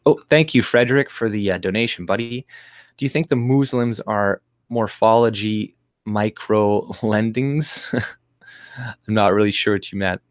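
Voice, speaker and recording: A man with a deep, low-pitched voice rants on a political livestream. He rambles and sounds scornful and mocking as he reads the chat. The sound is dry and close, with little room in it. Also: dry recording. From Canada. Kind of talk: ranting livestream commentary.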